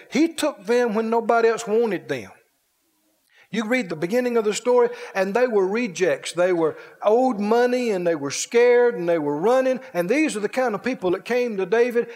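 A male pastor preaching a sermon, telling a story dramatically, repeating phrases in a driving cadence and asking the congregation questions. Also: high voice. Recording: long reverb in a large hall.

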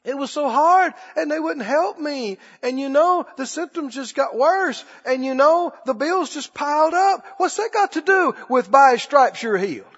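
Preaching with an extremely high, fairly bright voice, this man speaks at normal speed with few pauses and animated delivery. He repeats phrases emphatically and calls for the congregation's response, recorded in dull lo-fi sound with long hall reverb.

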